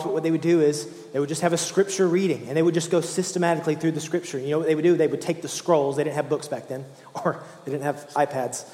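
A man preaching a sermon, emotional, swinging from hushed, slow lines to fervent ones. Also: a little high. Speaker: pastor. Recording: echoey hall, roomy.

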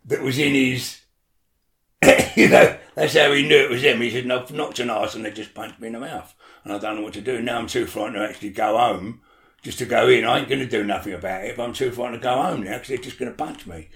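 Gravelly man telling a story. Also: medium pitch, quick pace, reverberant. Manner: animated, swears a lot, acts out quotes. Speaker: storyteller guest. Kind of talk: casual storytelling chat.

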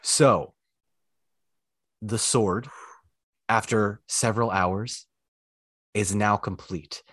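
A man narrating a tabletop game as its game master, with lively descriptive storytelling. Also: fairly low pitch, husky, dry recording, clean studio sound. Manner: descriptive, quick asides.

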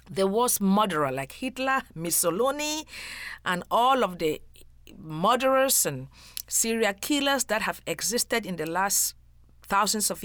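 A woman's voice: medium pitch, a bit bright, dry recording, studio quality. A woman giving an earnest devotional Bible teaching, emphatic and speaking straight to the listener as a friend.

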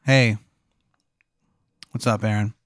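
A man's voice: fairly low pitch, steady tone, slow, no echo, studio quality. A man voicing an edgy, pushy male wizard with a Maryland accent. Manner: breathing heavily, pushy. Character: male wizard in purple robe, on edge.

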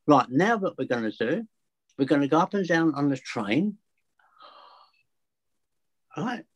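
A man's voice: fairly high pitch, big pitch swings, measured pace, husky, dull audio. Chatty man telling anecdotes. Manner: chatty anecdotes with acted dialogue. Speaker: fear of flying coach. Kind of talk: casual storytelling interview.

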